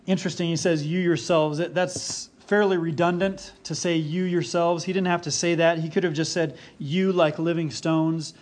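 A man preaching a sermon as pastor, earnest and deliberate, repeating key phrases for emphasis. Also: a little high, fairly even intonation. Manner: slow and deliberate.

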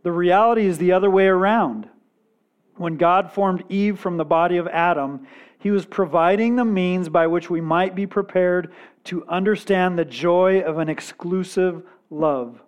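A man preaching a sermon in an earnest, measured way, with dramatic pauses and quiet emphasis. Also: high voice, smooth, dull audio. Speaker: pastor.

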